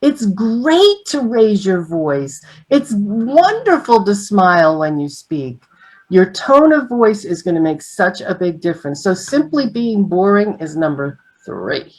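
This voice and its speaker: A middle-aged woman giving an online training on sales presentations, teaching through lively examples. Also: medium pitch, unhurried, low-quality recording.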